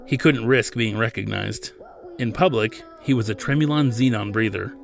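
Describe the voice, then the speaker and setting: A man, the author, narrating his science fiction novel as a scripted reading in a steady storytelling manner. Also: lowish voice, moderate pace, creaky. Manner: steady storytelling, plays character lines lightly.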